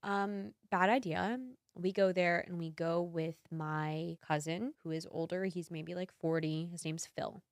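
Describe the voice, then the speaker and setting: A woman in her twenties, a podcast host, telling a story in casual chat, animated and laughing, acting out the quotes. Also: on the low side, unhurried, few pauses, no room sound, studio quality.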